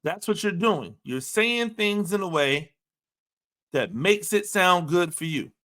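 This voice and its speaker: A man's voice: sits high, lively intonation, takes it slowly, bright, forceful tone. A man giving opinionated sports commentary, talking emphatically and repeating himself with rhetorical questions.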